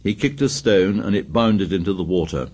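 Brief: lower-pitched male narrator, steady measured reading. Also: breathy edge. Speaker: audiobook narrator. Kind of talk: scripted narration.

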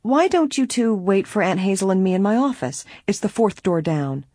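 A woman reading aloud gives voice to an earnest young bride who runs an old inn, talking in a confiding, worried way. The voice has a slightly husky edge and sits close and dry, with no room around it. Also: mid-range voice, expressive, moderate pace, warm tone, dry recording, voice pushed up. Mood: polite.

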